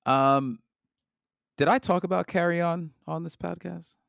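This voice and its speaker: A man's voice: a little high, steady tone, measured pace, gravelly, fairly bright tone, no echo. A man co-hosting a casual gaming podcast, talking at length with many fillers and restarts. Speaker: podcast co-host.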